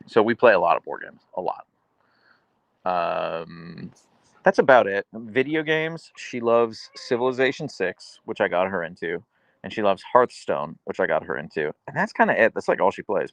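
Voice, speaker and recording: Gravelly-voiced man chatting on a live stream. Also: deep voice, no room sound. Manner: relaxed, chatty, answers viewers. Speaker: livestream host reading chat. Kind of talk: casual live-stream chat.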